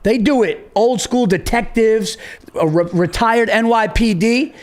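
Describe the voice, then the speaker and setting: Middle-aged male stand-up, high voice, brash emphatic podcast storyteller. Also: measured pace. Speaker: stand-up comedian. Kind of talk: podcast chat.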